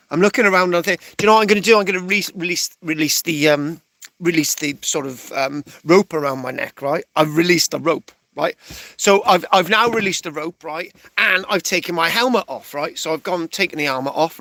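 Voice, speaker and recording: A man's voice: on the high side, a bit bright, no room sound. A man telling a rambling comic story, stopping often with "right?" and restarting his phrases. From England. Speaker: stand-up storyteller.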